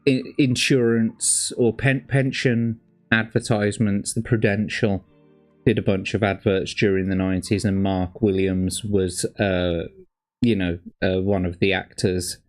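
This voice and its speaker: Birmingham man, light accent, low voice, rambling sweary streamer, faint music behind. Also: level tone, unhurried. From Birmingham, England. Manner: rambling, sweary, full of fillers. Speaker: streamer reviewing old adverts. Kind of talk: casual commentary.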